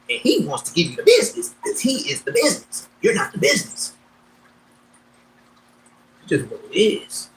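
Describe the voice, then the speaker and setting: A man casually telling stories on a livestream, slangy and streetwise, swinging between loud bursts and mumbled asides. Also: on the high side, a little hiss or hum, rough recording. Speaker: livestream host.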